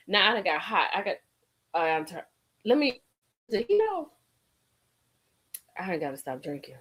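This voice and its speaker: A woman hosting a live stream, ranting in a sassy, profane, animated way with frequent laughter, a little tipsy from drinking. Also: medium pitch. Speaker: livestream host. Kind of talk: casual live-stream commentary.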